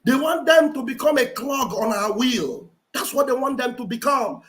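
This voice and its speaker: A man hosts a commentary livestream, preaching in an emphatic and repetitive way. His voice sits high for a man, and he speaks into a computer mic. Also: animated, moderate pace, fairly bright tone. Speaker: livestream host and political commentator. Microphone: computer mic on a live stream.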